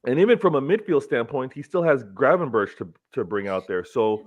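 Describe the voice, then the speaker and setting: A man in casual football chat, talking in a relaxed, measured way and often murmuring agreement. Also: medium pitch. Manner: relaxed, measured talk with many agreeing fillers. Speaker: co-host. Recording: dull lo-fi audio.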